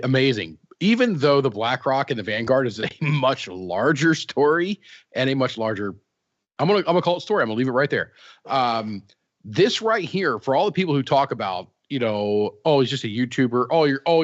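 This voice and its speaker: A man from Central Ohio hosts a casual podcast, joking and rambling through his stories with restarts. His voice sits at a middle pitch and comes through a dull, lo-fi recording. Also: big pitch swings, moderate pace. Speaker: podcast host.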